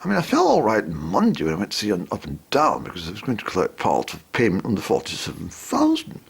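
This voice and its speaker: A man telling a rambling comic story, hesitating with lots of ums, in a raspy, creaky voice. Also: on the low side, wildly swooping pitch, fast.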